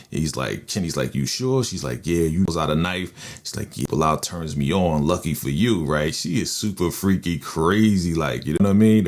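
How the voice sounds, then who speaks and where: Deep-voiced man animatedly recapping a show. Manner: animated retelling, quoting characters with quick voice shifts and laughs. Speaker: TV recap host. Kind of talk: casual episode recap. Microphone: podcast microphone.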